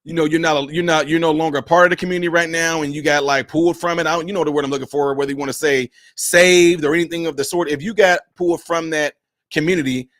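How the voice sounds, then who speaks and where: Man, high voice, preachy streamer, emphatic, repetitive, dry close sound. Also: steady tone, fast, fairly bright tone, no room sound. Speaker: minister and streamer. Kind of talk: preachy livestream commentary.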